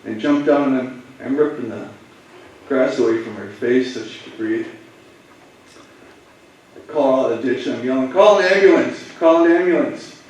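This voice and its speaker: Male police officer, mid-pitched, halting and emotional storyteller, picked up from across a big echoey room. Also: steady tone, warm tone, distant mic, a little hiss or hum. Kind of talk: personal story told to students.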